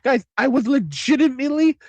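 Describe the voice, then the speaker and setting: A man's voice: very high voice, lively intonation, a little fast, darkish tone, dry recording. A man hosting a late-night livestream, ranting with mock outrage, heavy swearing and emphatic repetition. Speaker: livestream host. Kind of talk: profane late-night rant.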